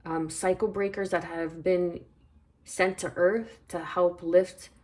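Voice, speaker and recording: A woman with a somewhat low voice speaks through a spiritual tarot reading. She is calm and reflective. She repeats phrases and reads card numbers aloud as she goes. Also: slow pace. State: hiccuping. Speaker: tarot reader.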